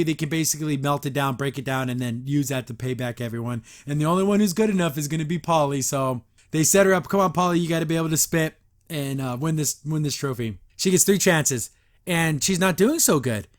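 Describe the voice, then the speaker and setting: A man hosting a casual episode review, chatty and quick to laugh, with lots of filler words. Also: on the high side. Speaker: host.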